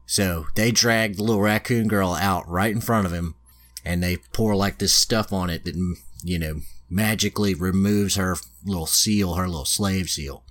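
Male podcast host, deep low voice, casual profane storyteller. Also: moderate pace, fairly bright tone. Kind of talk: casual chat, retelling a plot.

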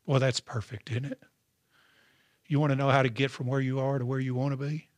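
A man's voice: mid-range voice, level tone, fairly quick, no room sound, studio quality. A male pastor preaching a sermon, calling out to the congregation for responses. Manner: preaching with call-and-response asides.

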